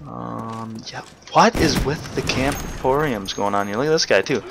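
A young man giving rambling, excitable live commentary while playing a shooter game. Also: mid-range voice, normal speed, gravelly, heavy background noise. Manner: chatty, rambling, excitable bursts. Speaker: gamer doing live commentary. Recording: game gunfire loud in background. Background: gunfire and game sounds.

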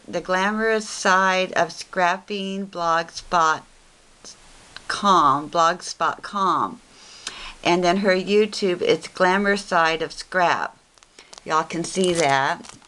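Craft vlogger, woman, slow and low, gushing unboxing chat. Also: bright, forceful tone. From Texas. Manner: gushing, repeats "cute" often. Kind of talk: casual unboxing show-and-tell.

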